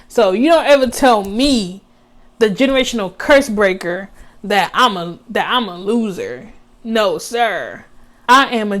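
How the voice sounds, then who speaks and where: Woman, 20s, vlogger, storytime, emphatic, slangy, a bit high-pitched. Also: a bit bright. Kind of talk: storytime vlog.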